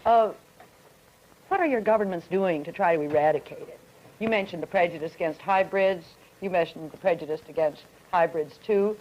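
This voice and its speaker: Brisk woman moderating a vintage panel. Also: fairly low pitch, slight background noise. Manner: brisk, leading questions. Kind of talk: 1950s radio panel discussion. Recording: dull vintage broadcast audio.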